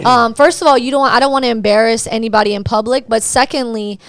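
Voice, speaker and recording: Woman co-host, high voice, emphatic, many fillers, dry sound. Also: fairly even intonation, fast, smooth, no room sound. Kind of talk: casual debate chat.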